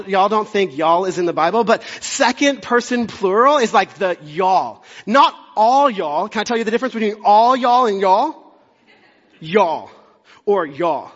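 A man's voice: high-pitched, fairly bright tone. A young man, a pastor preaching a conversational, self-deprecating sermon with jokey asides. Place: church sanctuary. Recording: dull sound with long hall reverb.

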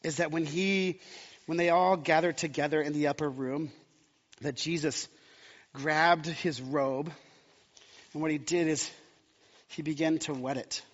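A man's voice: on the high side, steady tone, unhurried, long pauses. A man preaching a sermon, impassioned and building to emphatic climaxes. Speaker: pastor. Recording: muffled sound with long hall reverb.

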